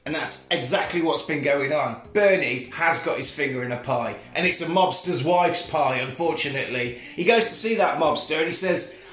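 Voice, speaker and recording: A man's voice: a little high, moderate pace, a bit bright. A man casually and jokily recapping a film plot, acting out its scenes as he goes. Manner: jokey, rambling, acts out scenes. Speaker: podcast co-host. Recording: roomy echo, faint music.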